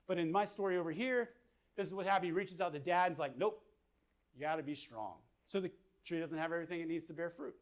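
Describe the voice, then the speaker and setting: Fairly high-voiced male counselor, relaxed lecture style, talks through ideas as he sketches. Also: rapid-fire. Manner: casual, thinking aloud with fillers. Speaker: mental health counselor. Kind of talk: whiteboard lecture.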